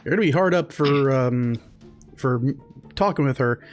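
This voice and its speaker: A man's voice: mid-range voice, normal speed, faint music behind, close to an everyday voice. A man voicing a polite middle-aged male deputy to a warden, courteous and rambling with fillers.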